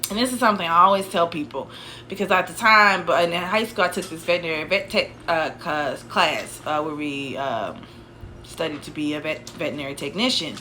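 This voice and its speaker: Young woman rambling thru a story, lots of restarts, kinda low but bright sharp voice. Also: slight background noise. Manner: rambling, many restarts and "like" asides. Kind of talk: casual storytelling.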